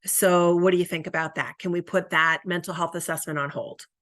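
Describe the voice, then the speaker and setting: Here a woman with a low, fairly bright voice talks a little fast, her intonation fairly even, while teaching a recorded counselor training. Conversational throughout, she checks in with "right?" and role-plays what counselors and clients might say.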